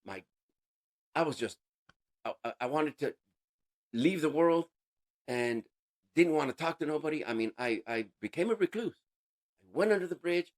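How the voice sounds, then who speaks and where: A man giving an emotional personal testimony as an interview guest, halting and casual, with street slang. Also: on the high side, animated. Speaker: interview guest sharing a recovery story.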